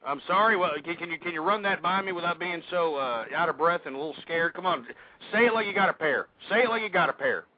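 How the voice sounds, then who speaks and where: A man's voice: on the high side, lively intonation, quick pace. A man hosting a call-in talk radio show, ranting abrasively and insulting his callers. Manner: abrasive, insulting, swearing rants. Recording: dull lo-fi internet radio.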